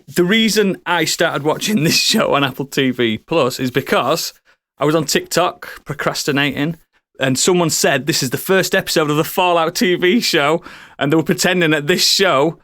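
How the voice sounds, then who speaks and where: A man's voice: fairly high pitch, moderate pace, sharp tone, no room sound. A man hosting a podcast in casual chat, joking, rambling and swearing now and then. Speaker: podcast host.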